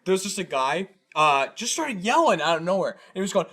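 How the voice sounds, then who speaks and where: Lively, rambling male podcast storyteller. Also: sits high, brisk, breathy edge. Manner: rambling, profane, full of filler words. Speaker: podcast co-host. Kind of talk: casual storytelling chat.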